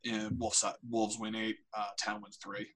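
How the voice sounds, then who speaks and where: A man's voice: lowish voice, monotone, a little slow, fairly bright tone. A man on a casual discussion panel, playful and mock-grandiose in his remarks. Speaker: panelist and article writer.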